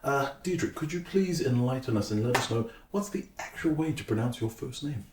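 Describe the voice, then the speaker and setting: A man's voice: medium pitch, animated, moderate pace, noisy background. A man hosting a casual interview podcast, upbeat and laughing easily. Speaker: podcast host. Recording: echoey room with music behind.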